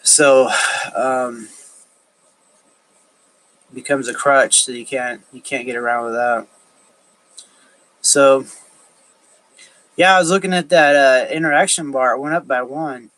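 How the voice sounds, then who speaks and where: A man talking alone on a livestream, thinking aloud in a halting way with frequent restarts and fillers. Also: medium pitch, fairly even intonation, a bit bright, low-quality recording. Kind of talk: rambling solo livestream talk.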